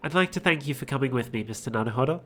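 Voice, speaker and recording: A woman's voice: rumbling low, expressive, racing, a little hiss or hum, voice pushed down. Woman reading as a polite young lady assistant. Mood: courteous.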